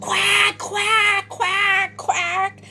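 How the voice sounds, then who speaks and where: Woman doing a loud squawking duck. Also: extremely high pitch, little pitch movement, extremely slow, slight background noise, voice pushed up, full character voice. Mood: shouting. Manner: shouty, squawking. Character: loud noisy female duck.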